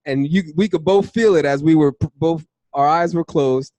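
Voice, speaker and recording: A young man teaching a Bible study in a casual testimony style, telling his story with lively retellings of what everyone said. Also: fairly high pitch, moderate pace, no echo. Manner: animated storytelling, acts out dialogue with "I was like".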